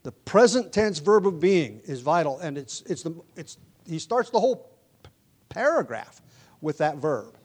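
A pastor delivers an expository sermon in a somewhat high, darkish voice, unhurried yet very animated. He explains grammar patiently, often restarting his sentences, then builds up to emphatic stress on the key words.

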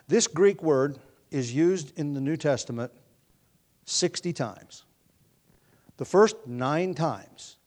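A man's voice: medium pitch, a little mellow. A man with a nagging cough, preaching an earnest expository sermon, often restarting phrases with fillers. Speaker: pastor.

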